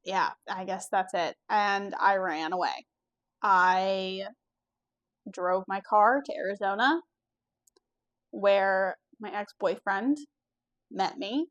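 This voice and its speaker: A woman's voice: medium pitch, slow, long pauses, fairly bright tone, muffled recording. Candid young woman telling a story. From US East Coast. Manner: candid, casual, swears, acts out quotes. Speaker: vlogger. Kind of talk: storytime vlog.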